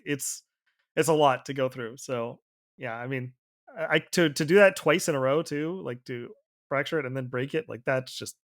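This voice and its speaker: Male co-host type; casual, halting, sympathetic delivery, mid pitch. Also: fairly bright tone. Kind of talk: casual chat.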